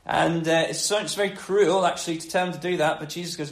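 Conversational preacher in an echoey room. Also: male voice, fast talker. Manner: conversational, animated, drops low and quiet for emphasis. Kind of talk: sermon on a gospel passage.

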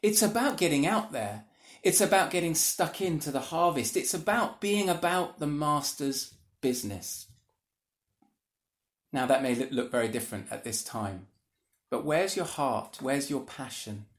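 A preacher delivers an earnest, conversational sermon, putting many rhetorical questions to the audience. The voice is medium-pitched, expressive, and a little slow.

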